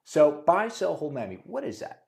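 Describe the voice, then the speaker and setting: A man moderating a real estate podcast, joking around and explaining things in a casual, lively way. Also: fairly high pitch, moderate pace, creaky. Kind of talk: casual chat. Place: studio.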